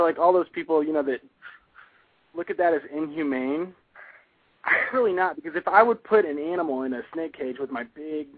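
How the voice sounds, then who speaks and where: A husky-voiced young man tells a rambling story in an offhand, matter-of-fact way. His voice sits a touch high for a man. It comes through a tinny, dry phone line. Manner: offhand, matter-of-fact about dark details.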